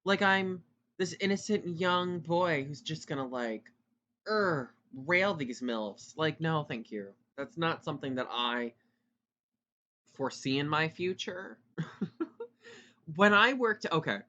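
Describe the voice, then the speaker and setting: A man in his twenties hosting a casual solo podcast, talking fast and loud with rambling asides. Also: a little high, expressive, highs cut off. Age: 20s. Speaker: podcast host.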